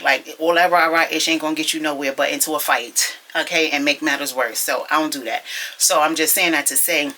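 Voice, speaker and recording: A young woman chatting to her viewers at home, telling a story in an animated, gossipy way and calling them y'all. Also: low voice, a little hiss or hum. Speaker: vlogger. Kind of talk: casual chatty vlog storytelling. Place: at home, indoors.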